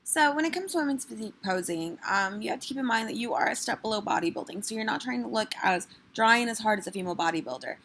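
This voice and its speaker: A woman's voice: fairly high pitch, expressive, fast, few pauses, a bit bright, a little hiss or hum. A woman giving an instructional voice-over, explaining posing in a matter-of-fact way. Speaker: fitness vlogger and trainer.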